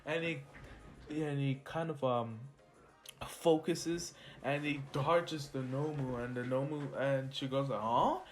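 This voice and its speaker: A man's voice: mid-range voice, fairly even intonation, slow pace. Laid-back man rambling through a fan story. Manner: rambling, self-correcting, laughs at himself. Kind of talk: casual improvised storytelling. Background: soft lofi music.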